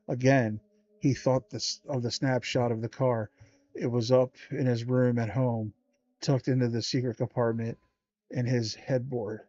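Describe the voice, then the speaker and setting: A man hosting a livestream, reading a children's horror book aloud with small stumbles along the way. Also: mid-range voice. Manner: steady read-aloud with small stumbles and slangy asides. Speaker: livestream host. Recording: dull lo-fi stream audio.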